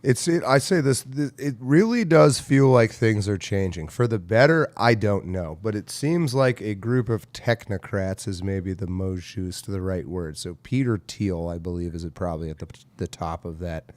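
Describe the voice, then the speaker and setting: A man with a lowish voice chatting casually on a podcast, wandering from point to point and swearing freely. The sound is dry and close, with no room echo. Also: normal speed, hardly any pauses, a little mellow. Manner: rambling, profane, digressive. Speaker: co-host.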